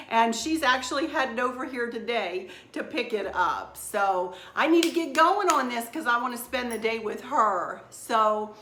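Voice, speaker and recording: With a pushed, bright voice on the high side, a middle-aged woman hosts a casual craft tutorial from home. She's talkative, upbeat, and prone to rambling, and the recording sounds roomy with slight background noise.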